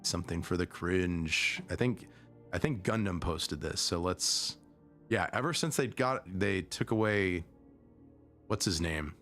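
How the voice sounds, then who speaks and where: Low-voiced man rambling on stream. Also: measured pace, a bit bright, soft background music. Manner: rambling, self-interrupting, conversational. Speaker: vtuber streamer. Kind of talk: casual stream commentary.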